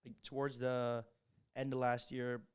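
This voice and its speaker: A man's voice: mid-range voice, monotone, unhurried, clean tone. A twenty-one-year-old man co-hosting a podcast, talking in a laid-back, hesitant way with many fillers. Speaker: podcast co-host. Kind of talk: casual chat.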